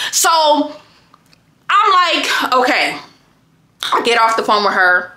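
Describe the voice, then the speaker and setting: A young woman tells a story in a high, bright voice, fired up and swearing freely as she goes. She talks in a casual vlog style, recorded in an echoey room. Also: slow pace, pauses often. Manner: heated, profane, animated storytelling.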